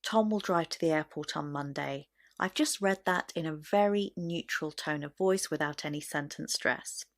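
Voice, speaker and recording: A woman explaining sentence stress in a video lesson, speaking clearly and deliberately as she demonstrates. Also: low-pitched. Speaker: English teacher.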